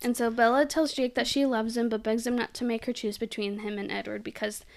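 A woman's voice: on the high side, fairly even intonation, fairly quick, creaky. A young woman hosting a podcast, chatting casually and giggling as she recaps a film, with lots of "like" and "um". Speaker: podcast host.

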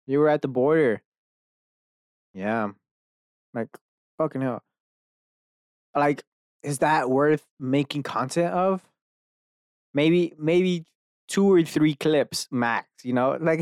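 A man's voice: a little high, slow pace, long pauses, a little mellow, clean tone, dry recording, studio quality. A young man from Dallas hosting a casual solo podcast, rambling and swearing a lot as he interrupts himself. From Dallas, Texas, USA. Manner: rambling, profane, swears often; self-interrupting, many restarts and fillers. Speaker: podcast host.

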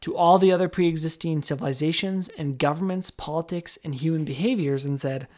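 A man's voice: on the high side, a little fast, a little mellow. A man hosting a podcast, talking in a loose, rambling way with frequent restarts. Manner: rambling, with restarts, jokey put-on voices. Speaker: podcast host. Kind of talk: casual chat.

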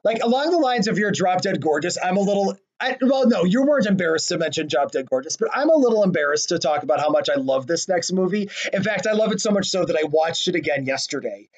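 A man with a notably high-pitched voice talks through his favorite movies in a relaxed conversation. He gushes, pokes fun at himself, and breaks into laughter often. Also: fast talker, hardly any pauses, highs cut off. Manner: gushing and self-deprecating, laughs often. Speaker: podcast co-host. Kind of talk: casual chat about favorite movies.

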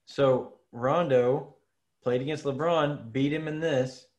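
A man's voice: medium pitch, fairly even intonation, takes it slowly, crowd noise. A man talking basketball on a casual podcast in an average, mid-range voice. He is easygoing and builds his arguments through long, everyday examples. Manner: laid-back, argues with long examples. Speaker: podcast co-host. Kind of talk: casual sports chat.

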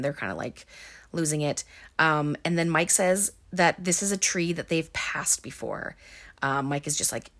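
A woman's voice: sits low, a bit bright. Rambling woman recapping a movie. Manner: rambling, lots of fillers. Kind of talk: casual film recap.

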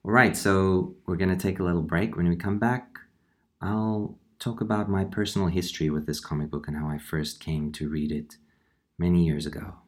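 Deep-voiced male host, calm and reflective. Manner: unhurried reflective storytelling. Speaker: podcast host. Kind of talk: horror comics podcast monologue.

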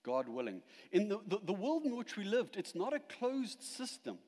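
A male pastor preaching a sermon, emphatic at the peaks and dropping quiet at the close. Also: high voice, huge pitch swings, moderate pace, big-room sound.

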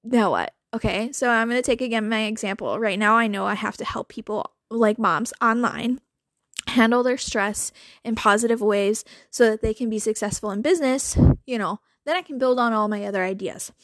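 A woman hosting a podcast, talking in a chatty, animated way with lots of filler words and little laughs. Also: a little high, brisk, dry recording, clean studio sound. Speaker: podcast host. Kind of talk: casual monologue.

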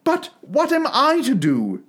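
A man's voice: huge pitch swings, slow, a bit bright, husky, full character voice. A man voicing a polite, timid young girl in a storybook reading, in a raised, pleading voice. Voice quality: high, pleading.

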